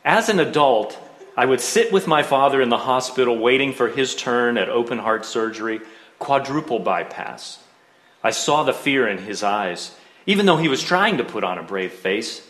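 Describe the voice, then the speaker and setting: Middle-aged man, wry storyteller; lively delivery, roomy echo. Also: medium pitch, moderate pace. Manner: wry, self-mocking humor. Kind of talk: personal storytelling.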